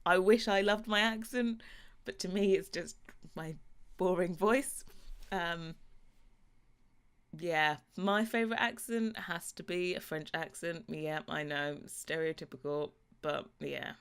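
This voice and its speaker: A woman's voice: lowish voice, a little slow, clear, resonant tone. Chatty young London woman. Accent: London English. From London, England. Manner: chatty, rambling, laughs often. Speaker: gaming YouTuber. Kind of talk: casual chat over gameplay.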